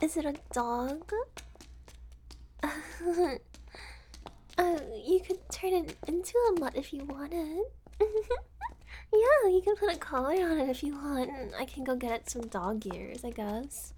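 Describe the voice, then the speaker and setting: A woman's voice: sits high, slow pace, darkish tone, slight background noise. A woman playing a giggly unhinged young kidnapper. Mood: playful. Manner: giggly, teasing, falsely reassuring. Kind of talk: amateur audio role-play.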